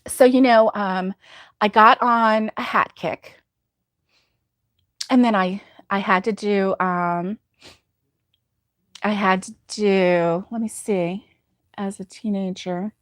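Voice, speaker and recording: A woman's voice: mid-range voice, steady tone, slow, long pauses, fairly bright tone, no room sound, clean studio sound. A woman hosting a crochet livestream, chatting casually with viewers, rambling and laughing often. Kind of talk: casual chat reading viewer comments.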